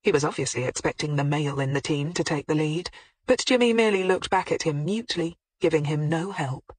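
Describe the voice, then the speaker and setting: A narrator reads a crime novel in a steady, measured way. The voice sits in a mid register. The recording is close and completely dry. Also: medium pitch, dry recording. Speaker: audiobook narrator. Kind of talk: scripted audiobook narration.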